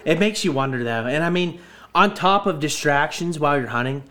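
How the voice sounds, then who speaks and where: Rambling man, higher voice. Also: expressive, brisk, fairly bright tone. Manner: rambling, repeats words as he restarts. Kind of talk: casual chat.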